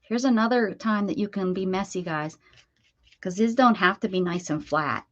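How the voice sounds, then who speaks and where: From her home, a woman from Pennsylvania, USA hosts a casual crafting livestream, chatting and laughing and cooing baby talk to her dog between crafting tips. She has a medium-pitched, slightly bright voice and a moderate pace, and the recording is muffled.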